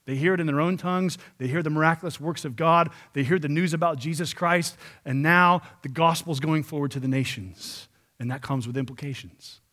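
High-voiced man preaching with animated emphasis. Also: fairly quick. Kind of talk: sermon.

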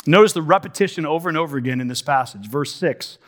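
A man preaching a sermon, posing rhetorical questions and slowing down to stress key words. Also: on the high side.

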